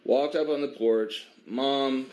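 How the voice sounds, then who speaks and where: A man from a biker advocacy group recounting an incident in a measured way, with many pauses and fillers. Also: medium pitch, steady tone, a little mellow, a little hiss or hum. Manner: measured, filler-heavy, stops to restart. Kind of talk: recounting an incident, casual monologue.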